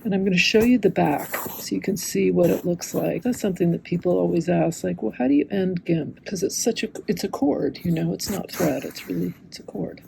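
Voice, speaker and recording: Chatty woman craft teacher, mellow, relaxed tone, talks through her stitching with rambling asides. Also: lowish voice, brisk, gravelly, hardly any pauses, a little hiss or hum, poor audio. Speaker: embroidery teacher. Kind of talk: casual stitching tutorial.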